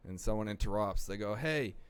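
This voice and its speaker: Low-voiced New man telling his story. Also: fairly quick, clean tone, dry recording. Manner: animated, acts out quoted voices. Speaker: podcast guest. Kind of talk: casual storytelling about recovery.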